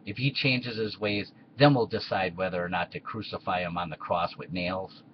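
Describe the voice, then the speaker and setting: Pontius Pilate, read by a man, low and smug. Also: steady tone, normal speed, muffled recording, a little hiss or hum, natural voice. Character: Pontius Pilate, scheming vain Roman man.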